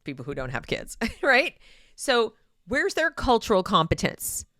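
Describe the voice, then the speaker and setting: A woman hosting an opinion commentary monologue, speaking in an animated, sarcastic way. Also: a little high, a little slow, no echo, studio quality. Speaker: channel host.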